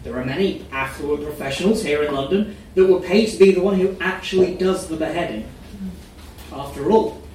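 A man giving a dry, deadpan live reading of a first-person story. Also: fairly high pitch. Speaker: story reader. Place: reading event in a room. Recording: echoey room, mic far off, faint noise.

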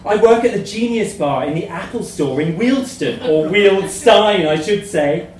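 A man's voice: high voice, expressive, measured pace. A man reading comic letters aloud, playful and often laughing as he reads. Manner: playful, laughing through the lines. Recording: echoey room from far off.

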